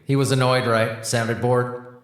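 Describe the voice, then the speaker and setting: A man's voice: mid-range voice, level tone, measured pace, natural voice. A breezy, easygoing cosmic tech support being, chatty and full of slang, as a male narrator puts him on. His voice sits in a middling register. It comes through with a roomy echo around it. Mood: laid-back.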